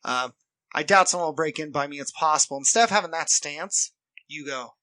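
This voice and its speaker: A man co-hosts a casual podcast, talking earnestly and acting out the people he quotes. His voice is bright and a little high. The sound is dry and close. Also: dry recording. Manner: earnest, acts out quoted people, fast shifts in loudness. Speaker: podcast co-host.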